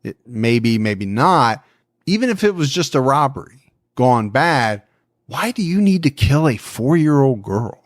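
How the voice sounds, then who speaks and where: A man's voice: mid-range voice, big pitch swings, no echo, studio quality. A man co-hosting a true-crime podcast, talking through a case in a musing, conversational way. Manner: musing, conversational, quick to laugh. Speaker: podcast co-host.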